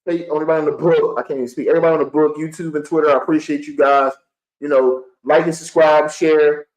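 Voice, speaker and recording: Man, sports fan livestream host, worked up and venting, repeats himself, fairly high-pitched. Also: steady tone, fast talker, darkish tone, rough recording. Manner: heated, repetitive ranting. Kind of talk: live-streamed fan sports commentary.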